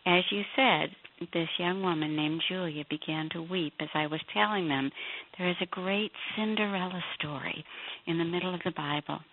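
A woman author and Bible teacher, a guest on a radio interview, telling stories with animated quoted voices. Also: on the low side, normal speed, a little hiss or hum. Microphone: phone line. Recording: tinny phone line.

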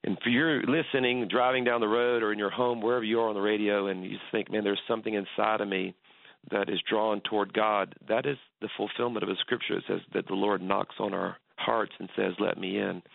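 A man's voice: lowish voice, steady tone, brisk, creaky, few pauses, no echo. A man, a pastor, talking earnestly as a guest on a radio interview, telling stories with many restarts. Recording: tinny phone line, dry.

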